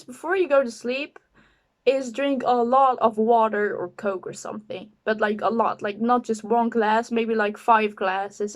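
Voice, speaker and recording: A nineteen-year-old woman telling a casual storytime, giggling often and saying "like" constantly. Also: a little high. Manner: giggly, animated, heavy use of "like". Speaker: vlogger.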